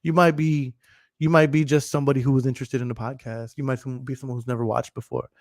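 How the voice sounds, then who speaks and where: A man in his thirties hosts a podcast, chatting casually to a livestream in a fast, mid-range voice with little pitch movement. He's emphatic and profane and laughs often, and the recording has no echo.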